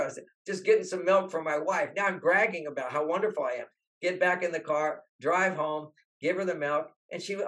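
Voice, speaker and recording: An older man who writes about relationships tells stories in an interview, speaking fast in a fairly high voice. He's animated and acts out the voices of the people he quotes.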